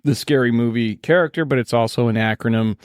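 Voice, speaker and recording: A man co-hosting a casual podcast in a studio, steering the talk with quick teasing remarks. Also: medium pitch, smooth, no echo. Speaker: podcast co-host. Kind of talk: casual banter. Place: recording studio.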